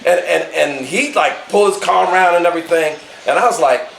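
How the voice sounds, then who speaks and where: A man, telling an animated story at a family gathering and acting out the voices in it. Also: on the high side, fairly quick, gravelly. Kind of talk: casual storytelling. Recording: roomy, with a crowd.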